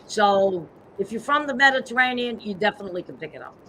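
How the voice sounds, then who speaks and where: A woman's voice: medium pitch, expressive, bright, forceful tone, slight background noise. A woman hosting a live-streamed show over a video call, upbeat and promotional. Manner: upbeat, promotional, spells out web addresses slowly. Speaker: host and pageant CEO.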